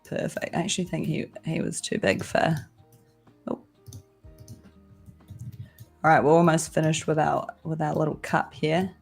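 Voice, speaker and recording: A young woman talks through her design work on a livestream, chatty and thinking aloud as she goes. Her voice sits a little low. Faint music plays quietly underneath. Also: steady tone, moderate pace, gravelly, long pauses, slightly rough. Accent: Australian-sounding but not Australian. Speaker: designer guest. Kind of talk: casual livestream tutorial.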